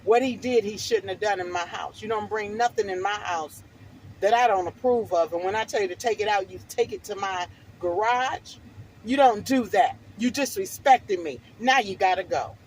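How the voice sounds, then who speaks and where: A woman's voice: mid-range voice, normal speed, slight background noise, rough recording. A middle-aged woman vlogger telling a personal testimony in a fervent, preachy, emphatic way.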